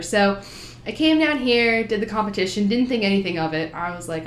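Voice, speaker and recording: A young woman in her twenties with a New Jersey accent chats as a podcast guest, earnest and upbeat as she tells her story. Her voice sits at an ordinary pitch, and the room gives it a noticeable echo with a faint hum behind it. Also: brisk. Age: 20s. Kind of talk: casual chat.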